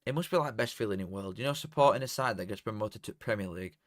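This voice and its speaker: A man's voice: lowish voice, very fast, no echo, studio quality. A young man, casually commentating on a live match and bantering with chat. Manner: banter with chat, swings from mutters to shouts. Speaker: watchalong streamer.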